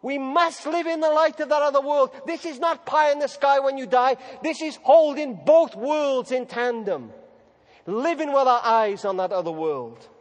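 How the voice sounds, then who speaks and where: A man preacher giving a sermon, telling stories dramatically, moving between loud declaring and hushed tones. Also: very high voice, normal speed. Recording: echoey hall reverb.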